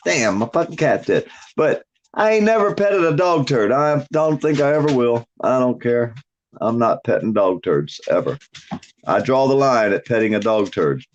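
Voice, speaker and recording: A man's voice: mid-range voice, highs cut off. A man ranting bluntly on a casual livestream, swearing heavily and mocking people. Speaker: livestream host. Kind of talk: profane casual livestream chat.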